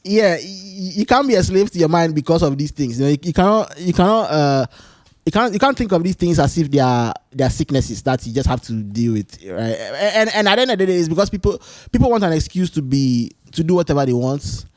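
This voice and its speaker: A man hosting his own solo talk show, rambling and animated as he tells stories, often restarting his sentences. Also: on the high side, fairly quick, no echo, studio quality. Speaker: podcast host. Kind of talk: casual solo chat.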